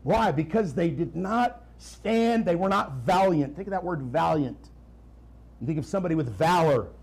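A man delivers a sermon from the pulpit, his tenor voice riding high above most men's. He slows right down to press each point, then drops into fast, hushed asides to his congregation. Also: breathy edge, poor audio. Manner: animated preaching, swinging between slow emphatic lines and quiet asides. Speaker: pastor.

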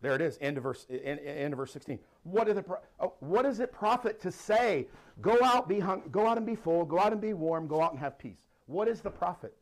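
A middle-aged male pastor preaching a sermon, animated and laughing now and then as he reads and explains scripture. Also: high-pitched, a little fast.

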